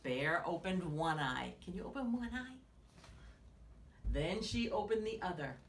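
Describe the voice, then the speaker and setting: A woman teaching children, reading a picture book aloud with animated tones and hushed whispered asides. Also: on the low side, a little slow, slight background noise. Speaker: children's story-time teacher.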